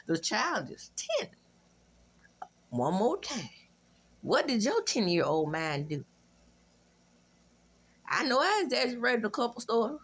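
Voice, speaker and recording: Brief: Southern woman recap host, high-pitched, sassy and animated. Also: a little slow, pauses often, breathy edge. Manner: sassy, animated, profane asides. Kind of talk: casual recap commentary.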